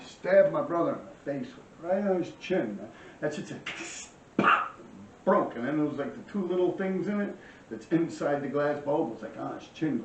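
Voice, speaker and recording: A man's voice: medium pitch, darkish tone, lo-fi sound, slight background noise. Profane New York man, distant roomy sound. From New York City. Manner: rambling, profane street talk. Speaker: vlog host. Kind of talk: casual storytelling. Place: small tenement apartment. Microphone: camera across the room.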